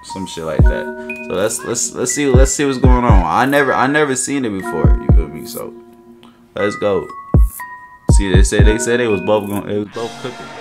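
A man hosting a reaction video, giving casual, profane, slang-filled play-by-play that breaks into excited shouts. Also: on the low side. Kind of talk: casual hyped commentary.

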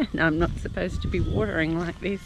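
A woman with a lowish voice hosts a spiritual vlog outdoors, speaking to camera as she drives around hills against a noisy background. She's chatty and self-amused, and now and then becomes tearful and emotional.

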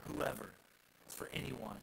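A man preaching a sermon as pastor, swinging from hushed asides to loud shouted passages. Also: mid-range voice, moderate pace, vocal fry, low-quality recording.

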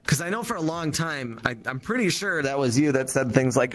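A man's voice: medium pitch, expressive, brisk, hardly any pauses, fairly bright tone. A man in a casual conversation, asking questions in a hesitant, stumbling way.

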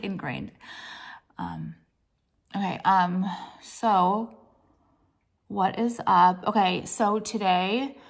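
A woman's voice: medium pitch, gravelly, slightly rough. A woman chatting casually in a home vlog, out of breath and feeling sick, rambling with lots of fillers and casual swearing. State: out of breath and nauseous. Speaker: jewelry brand owner and vlogger.

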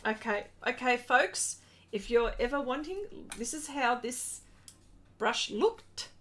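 A middle-aged woman hosting an art livestream, chatting casually, excitable and reading viewer comments aloud as she paints. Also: on the high side, takes it slowly.

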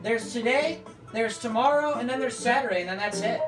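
A young adult with a nearly lost, hoarse voice gives excitable let's-play commentary, swearing loudly at the game. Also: medium pitch, fairly quick. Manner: loud outbursts and heavy swearing at the game. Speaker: gaming channel host. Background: game music.

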